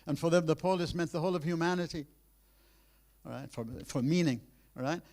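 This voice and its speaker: A man giving a university lecture, animated and emphatic, with frequent restarts, addressing his students directly. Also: a little high, brisk.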